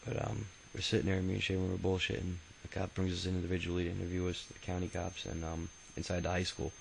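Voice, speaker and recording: A man's voice: sits low, completely flat delivery, fast, vocal fry, slight background noise, poor audio. A man telling his own life story in a casual, rambling way, swearing freely and stopping often for fillers and restarts. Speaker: autobiography narrator. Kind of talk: casual spoken memoir.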